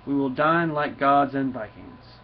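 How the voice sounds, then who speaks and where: A man's voice: mid-range voice, a little slow, lightly acted. A man voicing an earnest, deferential female Viking warrior in formal speech, with dull lo-fi sound and faint noise.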